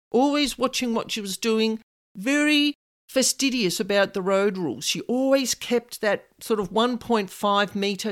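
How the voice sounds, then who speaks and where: A woman narrating a personal story in a conversational way with casual asides. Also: mid-range voice.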